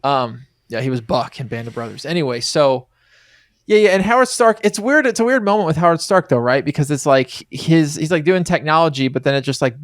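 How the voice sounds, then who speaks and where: A man's voice: a little high, lively intonation, fairly quick, no echo, clean studio sound. A man co-hosting a podcast, recapping a movie in rambling, crude, casual chat full of fillers and restarts. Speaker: podcast co-host.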